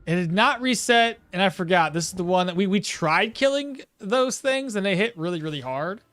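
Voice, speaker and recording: A young man streaming a survival game, chatting loosely and telling a profane story with sudden loud outbursts. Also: high voice, lively intonation, brisk, no room sound. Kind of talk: casual gameplay commentary.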